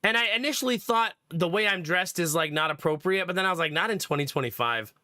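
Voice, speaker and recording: A man's voice: sits high, expressive, quick pace, pushed and bright, dry recording, studio quality. A man with a cold, telling a story to his stream chat in a casual, laughing way. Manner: chatty storytelling, laughs often, acts out quotes. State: has a cold.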